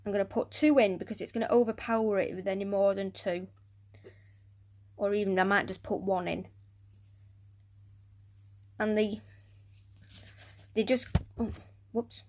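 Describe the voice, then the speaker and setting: A woman chatting casually through a hobby build of a tarantula enclosure, rambling and often dropping to quiet muttering and whispers as she works. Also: mid-range voice, fairly even intonation, a little slow, pauses often. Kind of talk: casual crafting vlog narration.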